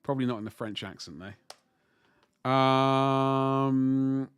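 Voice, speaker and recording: A man's voice: mid-range voice, fairly even intonation, slow, clean tone, no room sound. A man hosting a casual livestream, rambling and chatting with viewers while painting miniatures at his desk. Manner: chatty, rambling, talks to chat while working.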